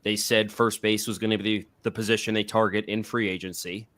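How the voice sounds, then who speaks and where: A man's voice: on the low side, flat delivery, a little fast, a bit bright. A man co-hosting a podcast, chatting casually and thinking aloud, often repeating words as he starts sentences. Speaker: podcast co-host. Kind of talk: casual sports chat.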